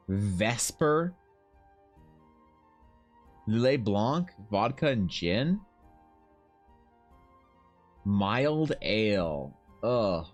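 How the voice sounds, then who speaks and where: A man from Ukraine chatting casually on a livestream, riffing with mock outrage and plenty of swearing as he reads. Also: medium pitch. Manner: animated, profane, mock-outraged riffing while reading. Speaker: streamer.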